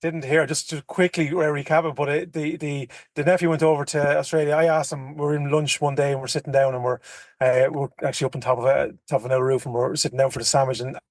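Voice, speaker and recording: Fast-talking Irish man telling yarns. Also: on the high side, little pitch movement, darkish tone, no room sound, clean studio sound. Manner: rambling, profane anecdote-teller with many restarts. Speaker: podcast co-host. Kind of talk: casual chat, storytelling.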